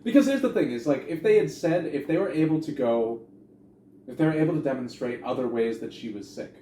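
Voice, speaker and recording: A man's voice: a little high, expressive, brisk, mellow. A man co-hosting a casual movie podcast, talking in a wry, sarcastic way and laughing often. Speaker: podcast co-host. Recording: echoey room, faint noise.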